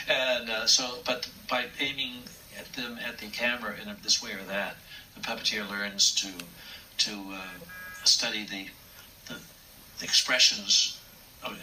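An older man recounting memories in an unhurried, anecdotal way. His voice is low and bright-edged, and he sits a little back from the mic with faint noise around him. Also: distant mic, poor audio. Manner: warm, anecdotal, acts out quotes. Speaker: puppeteer. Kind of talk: reminiscing interview storytelling.

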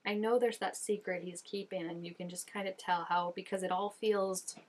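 A woman's voice: mid-range voice, steady tone, normal speed, darkish tone. A young woman giving casual reaction commentary, chatty and full of "like" fillers. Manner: chatty, filler-heavy with constant "like". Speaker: reaction video host.

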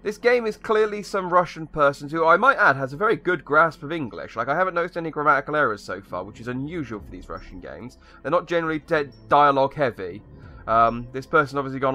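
A man's voice: on the high side, animated, fast talker, bright, forceful tone. A young man giving sarcastic, rambling commentary while playing a video game. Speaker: gaming YouTuber. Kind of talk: sarcastic let's-play commentary.

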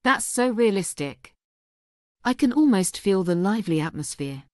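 A woman's voice: medium pitch, expressive, moderate pace, darkish tone, dry recording, studio quality. A woman hosting an English lesson, asking a guest polite, encouraging questions. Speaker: host.

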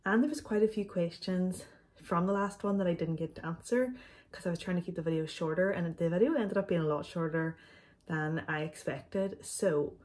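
A woman's voice: fairly low pitch, normal speed, a little mellow. Chatty woman, slightly breathless. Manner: chatty, loose, frequent ums. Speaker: vlogger. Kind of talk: casual chat answering viewer questions.

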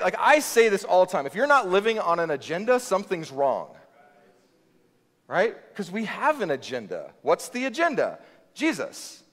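A male pastor delivers a sermon in a loose, conversational way and acts out the people in his stories. His voice sits a little high and moves up and down a lot. The sound carries a long reverb from a church hall. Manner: conversational, animated storytelling with quoted voices.

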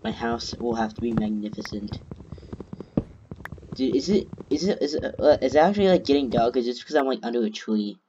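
A man's voice: mid-range voice, animated, brisk, muffled recording, noisy background. A man narrating his own gameplay, talking to himself and swearing constantly. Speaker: gamer. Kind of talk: let's play commentary.

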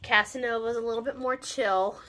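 A woman at home filming puppies on a phone, talking gently and cooing baby talk to them. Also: on the high side, steady tone. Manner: slow, gentle, cooing, often laughing. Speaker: puppy breeder filming her litter.

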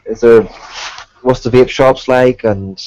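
A man's voice: mid-range voice, steady tone, takes it slowly, darkish tone, rough recording. A man co-hosting a casual live-streamed chat show, joking and teasing his guests. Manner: teasing, jokey banter. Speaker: co-host.

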